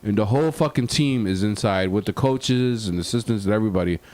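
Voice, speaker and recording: A man's voice: on the low side, fast talker, a little mellow, dry recording. Profane rambling man telling a story. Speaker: podcast co-host. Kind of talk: casual storytelling.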